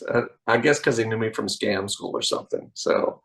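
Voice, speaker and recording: A man, a magician guest telling animated anecdotes on a podcast. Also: medium pitch, brisk, gravelly, hardly any pauses, poor audio. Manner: animated anecdotes, acts out quoted voices. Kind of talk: casual interview storytelling. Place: podcast studio.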